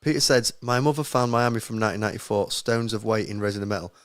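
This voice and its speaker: A man's voice: on the low side, fast talker, a bit bright, clean tone. A young man hosting a casual live-stream podcast, joking, laughing often and talking to the chat. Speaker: podcast host.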